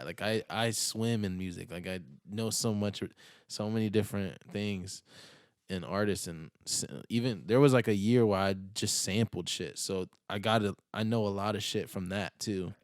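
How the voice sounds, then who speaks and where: A young man with a somewhat low, smooth and clear voice talks in a loose, rambling, slang-heavy way. He sounds recorded close and dry in a studio, with no room echo. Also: a little mellow. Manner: laid-back, slangy, rambling with many fillers. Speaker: podcast guest. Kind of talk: casual podcast chat.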